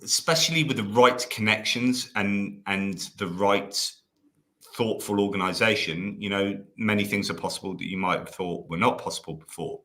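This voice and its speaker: A man with a bright, forceful voice and a somewhat low pitch, talking as a guest on a live stream. He speaks haltingly, with frequent restarts and fillers, and he is emotional at moments. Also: fairly even intonation. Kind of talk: casual live-stream conversation.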